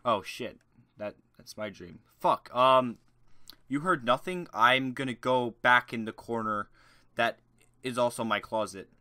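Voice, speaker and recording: Young male YouTuber, crude rambling monologue, bright voice, dry close mic. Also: mid-range voice, unhurried, dry recording. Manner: crude, rambling, shifts between shouting rants and mumbling. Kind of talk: joke Q&A monologue.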